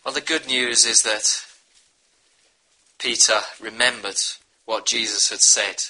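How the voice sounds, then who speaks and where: A man's voice: lowish voice, fairly even intonation, slow pace, pushed and bright, poor audio. A man preaching a sermon, earnestly urging his listeners to repent. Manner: earnest, pleading exhortation.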